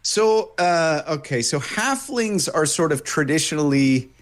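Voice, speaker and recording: A man, a voice actor and game master, explaining voice tricks in a relaxed interview. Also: on the high side, unhurried. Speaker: voice actor and dungeon master, guest. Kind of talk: casual interview chat.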